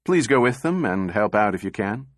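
An unruffled prosecutor speaking evenly, with a low voice and dry irony, as a male narrator plays him. He sounds coolly indifferent to the man questioning him. The sound is close and dry. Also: moderate pace, no echo. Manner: even, indifferent, dryly ironic.

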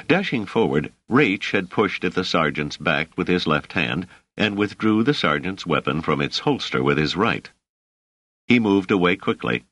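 Deep-voiced man narrating an audiobook. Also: fairly bright tone, no room sound. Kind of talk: scripted narration.

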